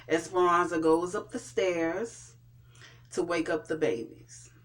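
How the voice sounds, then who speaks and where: A TV show reviewer talks through an episode recap at a very slow, unhurried pace. The telling is halting, full of fillers and restarts. The voice sits at an ordinary middle pitch. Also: fairly even intonation, fairly bright tone. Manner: hesitant, with frequent fillers and restarts.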